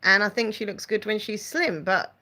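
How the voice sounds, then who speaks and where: A woman with a bright, forceful mid-range voice talks at normal speed while hosting a casual live-stream chat. She frequently giggles and reads out what her viewers comment.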